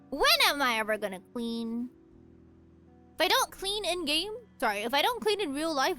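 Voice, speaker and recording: A woman's voice: high voice, fairly bright tone. A young woman streaming a game, chatting casually and rambling through childhood stories with many restarts. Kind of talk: casual chat while gaming.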